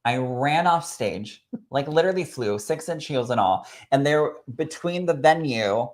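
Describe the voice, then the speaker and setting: A man, a spirit medium, sharing a personal story in an expressive, chatty way that swells with emotion. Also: medium pitch, unhurried. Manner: expressive and chatty, full of "like" and "literally".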